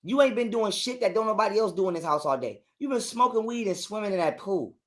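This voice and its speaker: A man's voice: high voice, animated, quick pace. A man telling a heated, profane story as a guest on an interview show. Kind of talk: casual storytelling.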